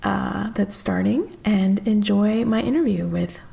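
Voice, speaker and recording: A woman's voice: mid-range voice, a little slow, vocal fry, mellow. A woman from the United States, hosting a podcast in a bubbly, gushing way and laughing easily. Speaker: podcast host. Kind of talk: casual interview chat.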